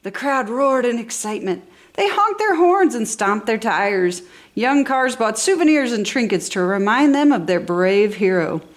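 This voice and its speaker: A woman reading a children's storybook aloud in an enthusiastic, expressive way. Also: on the high side, unhurried. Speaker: storybook reader.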